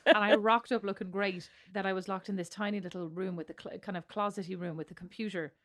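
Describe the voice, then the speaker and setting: A woman's voice: medium pitch, steady tone, quick pace, fairly bright tone. An Irish woman co-hosting a podcast, chatting casually and rambling with self-interruptions and easy laughter. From Ireland. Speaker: podcast co-host. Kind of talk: casual chat.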